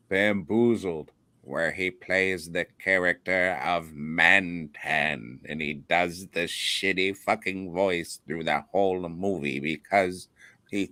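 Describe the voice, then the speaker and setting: A man's voice: low voice, fairly bright tone, dry recording. A man co-hosting a podcast, ranting bluntly with lots of swearing and laughter. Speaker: podcast co-host. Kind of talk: casual podcast chat.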